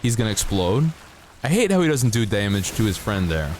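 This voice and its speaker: A man's voice: lowish voice, sing-song, a little fast, darkish tone, slight background noise. A man streaming a game live, chatting casually and playfully with his viewers while he plays. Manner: rambling, playful, talking to chat while playing. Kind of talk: live gameplay stream chat.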